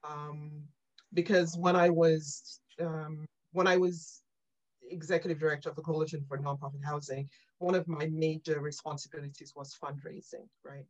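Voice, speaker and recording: A woman being interviewed on a podcast, telling animated stories about her career and often checking in with "right?" and "you know". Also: sits low, a little fast, low-quality recording. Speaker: guest.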